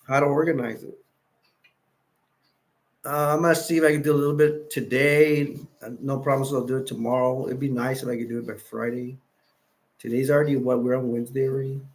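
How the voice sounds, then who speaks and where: A man's voice: mid-range voice, steady tone, normal speed, long pauses. A man hosting a casual livestream chat, rambling and restarting his phrases as he goes. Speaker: livestream host.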